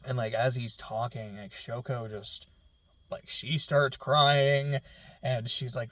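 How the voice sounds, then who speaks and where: A man's voice: medium pitch, level tone, slow pace, a bit bright, no echo. Rambling, emotional man reviewing a film. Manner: rambling, emotional, many "like" fillers. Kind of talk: casual film reaction talk.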